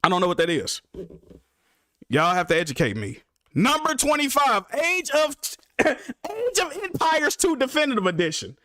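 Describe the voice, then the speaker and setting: A young man streaming live about games, ranting in an exasperated, profane way with big swings between loud outbursts and mutters. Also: extremely high pitch, huge pitch swings, moderate pace, no echo, clean studio sound. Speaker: gaming streamer.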